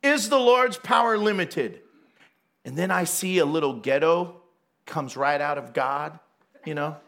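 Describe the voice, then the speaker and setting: High-voiced man preaching playfully. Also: a little slow, vocal fry, a bit bright. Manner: playful, laughs often, acts out quoted voices. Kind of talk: casual sermon.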